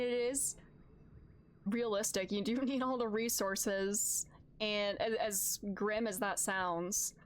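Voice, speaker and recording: A woman streamer playing through a story game, reacting effusively and emotionally to what happens. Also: mid-range voice. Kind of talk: let's play commentary.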